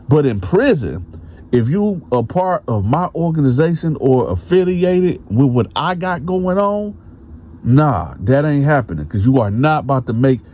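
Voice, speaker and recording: Mellow-voiced man telling a prison story. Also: mid-range voice, a little hiss or hum. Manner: laid-back, profane, repetitive. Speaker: storyteller, host.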